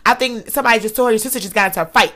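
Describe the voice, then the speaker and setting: A young woman tells a wild personal story in casual, profane speech. Her voice sits high and sounds bright and forceful. She talks loudly and with lots of emphasis. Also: rapid-fire. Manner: animated, profane, loud and emphatic.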